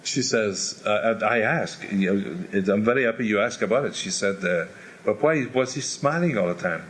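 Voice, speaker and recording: Older male singer, lowish voice, candid storyteller acting out crowd noise; faint background hiss. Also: normal speed. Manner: animated storyteller who imitates crowd noises. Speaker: opera singer telling stories. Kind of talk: candid interview anecdotes.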